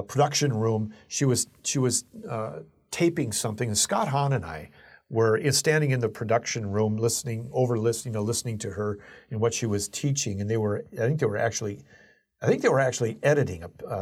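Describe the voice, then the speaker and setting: A man with an everyday mid-range voice tells earnest, reflective stories from his own experience. He speaks as a Catholic teacher recounting memories in a relaxed, conversational way. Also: medium pitch. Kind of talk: personal storytelling talk.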